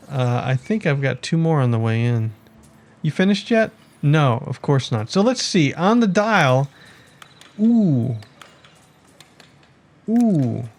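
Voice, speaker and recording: Unhurried man musing over a game. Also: mid-range voice, darkish tone. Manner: thinking aloud, musing and chatting to villagers. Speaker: let's play gamer. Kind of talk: casual gameplay commentary.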